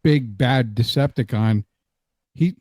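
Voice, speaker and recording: Male podcast guest, mid-pitched, relaxed and candid, dry sound. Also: takes it slowly, no echo. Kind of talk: casual chat.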